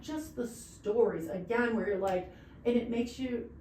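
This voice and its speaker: A woman who owns a bridal boutique, telling stories in a casual podcast chat with excited bursts. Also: on the high side, measured pace. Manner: animated storyteller, excited bursts. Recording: roomy, distant mic with faint noise.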